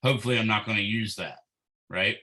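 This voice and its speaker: Male physics tutor, low and bright-toned, unhurried, methodical, talking through the math aloud. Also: poor audio. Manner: slow and methodical, thinking aloud with fillers. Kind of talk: working through a problem aloud.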